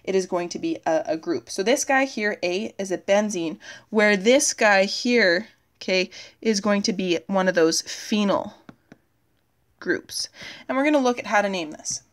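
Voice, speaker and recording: Woman teaching a chemistry lesson. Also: mid-range voice. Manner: talks while writing on the board, filling pauses with "okay" and "uh". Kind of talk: recorded video lesson.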